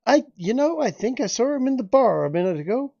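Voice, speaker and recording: A man voicing a friendly townswoman who works in a saloon, with a put-on old-time American accent, chatty and halting. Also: very high voice, very animated, vocal fry, warm tone, no room sound, muffled recording, voice pushed up, full character voice.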